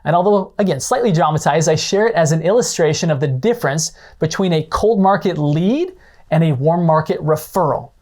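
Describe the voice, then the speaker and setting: Hosting an instructional podcast, a man explains ideas in a conversational monologue and often checks in with questions. He talks fairly quickly in a slightly high, darkish voice with lively intonation.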